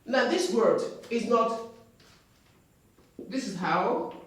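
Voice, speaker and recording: An English teacher drilling pronunciation, repeating each word slowly in a lesson. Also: medium pitch, animated, very echoey, distant mic. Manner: slow, drawn-out repetition of words.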